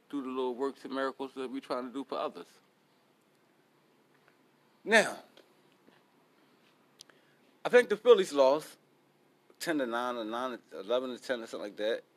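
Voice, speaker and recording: Blunt, cursing podcast host man. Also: mid-range voice. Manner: blunt, profane, motivational. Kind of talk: casual podcast monologue.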